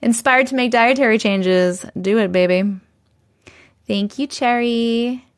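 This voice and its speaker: Woman, livestream host, casual chat, bubbly, quick to laugh, fairly high voice, regular microphone. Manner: bubbly, laughs often, thanks viewers one by one. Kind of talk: casual livestream chat, reading comments aloud. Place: home basement.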